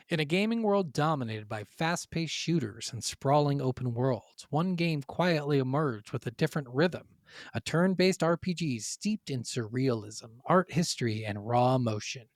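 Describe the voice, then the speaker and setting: A podcast co-host on a gaming show reads from notes and then riffs casually, swearing and stumbling over foreign names. His mid-range voice is expressive and at normal speed, captured as a dry, studio-quality recording.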